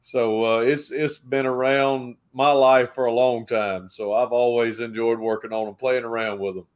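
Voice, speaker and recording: A man's voice: mid-range voice, steady tone, moderate pace. A man with a Georgia Southern US accent, a pastor chatting casually and easygoingly on a livestream. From Georgia, United States. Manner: easygoing, laughs often.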